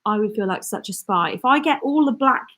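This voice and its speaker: A woman from the Midlands hosting a casual live-stream chat, rambling warmly through her week and answering viewer comments with lots of fillers. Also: fairly high pitch, expressive. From England, the Midlands. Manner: chatty and rambling, lots of fillers, quick laughs. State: out of breath. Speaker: channel host.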